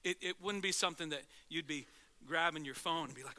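A male pastor preaching a sermon in an animated way, swinging from loud to hushed and acting out quotes. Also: fairly high pitch, a little fast.

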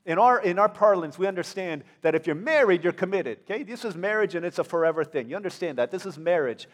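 A man's voice: high voice, expressive, fast talker. A male pastor with an American accent giving a conversational sermon, playfully acting out the people in the story. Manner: conversational, acts out characters in playful voices. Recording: long hall reverb.

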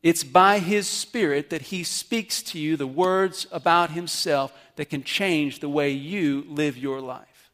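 Speaking slowly in a fairly high, fairly bright voice, a pastor delivers a sermon at a church service. He's an earnest teacher who checks in with his listeners through questions.

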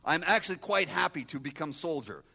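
A man in his sixties from Moldova with a Moldovan accent and broken English, giving an animated testimony sermon and talking back to his audience. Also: a little high, a little fast, creaky, breathy edge. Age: 60s. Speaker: guest preacher.

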